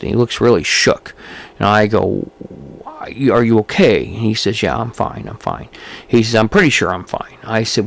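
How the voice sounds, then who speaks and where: Gravelly man telling a rambling story. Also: lowish voice. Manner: rambling, filler-heavy anecdote telling. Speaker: podcast co-host, paranormal investigator. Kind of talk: casual storytelling chat.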